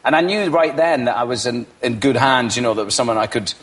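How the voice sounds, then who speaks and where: A man's voice: mid-range voice, fast talker, a bit bright. A Scottish man in his forties, chatting casually as a talk show guest, often restarting and trailing off. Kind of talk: casual chat.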